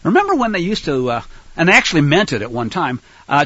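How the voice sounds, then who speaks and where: A man preaching in an animated, rhetorical style, addressing listeners as folks, on a dull lo-fi recording. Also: fairly high pitch, fast talker, no room sound. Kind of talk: sermon-style Bible teaching.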